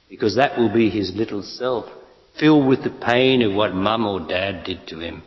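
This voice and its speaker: A man's voice: fairly low pitch, normal speed. A man giving a spiritual talk to an audience, blunt and emphatic, asking rhetorical questions. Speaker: spiritual teacher. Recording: lo-fi echoey hall.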